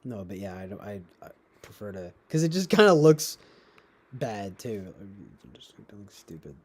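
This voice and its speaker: A man hosting a casual livestream, responding to chat in a rambling, halting way with many restarts and occasional chuckles. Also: fairly low pitch, sing-song, a little mellow, slightly rough. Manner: chuckles often while talking. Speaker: livestream host reading chat.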